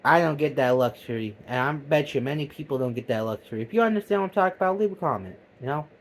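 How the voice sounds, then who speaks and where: A man delivering a profane, heated comedic rant that swings between loud outbursts and low mutters. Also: expressive, quick pace, slight background noise. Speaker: vlogger. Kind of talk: comedic ranting monologue.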